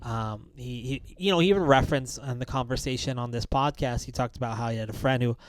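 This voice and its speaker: A man's voice: medium pitch, fast, clean tone. A man co-hosting a podcast as a counselor, talking casually and rambling with many "like"s and "um"s. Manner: rambling, lots of "like" and "um".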